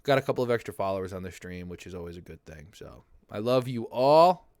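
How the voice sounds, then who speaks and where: A man's voice: fairly low pitch, lively intonation, fast, a little mellow, no echo. A young man hosting his own livestream, chatting casually and rambling from topic to topic. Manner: rambling, chatty, laughs easily. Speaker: livestream host. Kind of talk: casual chat.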